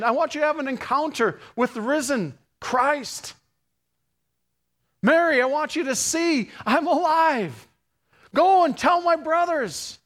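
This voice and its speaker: A man preacher voicing Jesus as a tender, urgent man who pleads and climbs toward near shouts. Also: very high voice, pitched above the performer's own voice, heavily acted.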